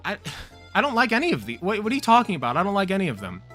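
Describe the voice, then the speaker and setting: A man's voice: sits high, wildly swooping pitch, rapid-fire, bright, forceful tone, faint music behind, voice pushed up, heavily acted. A man voicing Adam as a lonely, earnest, slightly bewildered young man in a stand-up bit. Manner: hesitant, earnest.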